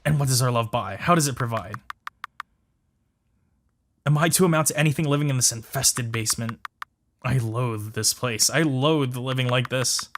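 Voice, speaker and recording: A man's voice: mid-range voice, normal speed, pauses often, a bit bright, a little hiss or hum, close to an everyday voice. Wilfred, a man doing a bitter painter. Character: bitter, ambitious young male painter. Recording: music playing behind.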